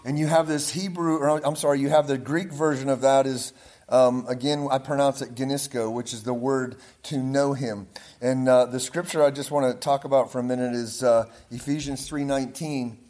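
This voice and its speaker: A man with a Pittsburgh accent preaching to a leadership group, energetic and repetitive, often checking in with his listeners. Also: medium pitch, moderate pace. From Pittsburgh area, Pennsylvania. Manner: energetic, repeats words, checks in with "right?" and "amen?". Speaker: guest preacher. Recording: echoey room with audience responses. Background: audience responses.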